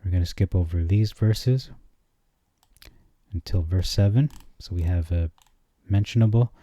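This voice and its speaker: A man with a low, very dark, mellow voice walks through scripture translations as a channel host. He reads each verse slowly and deliberately, then adds dry remarks. The sound is dull and lo-fi, with a dry, close room. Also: dry recording. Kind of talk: screen-share scripture commentary.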